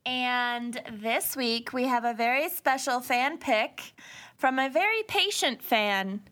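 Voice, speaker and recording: High, lively, bright-voiced woman. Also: slow pace. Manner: giggly, laughs often. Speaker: podcast co-host. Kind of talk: casual chat.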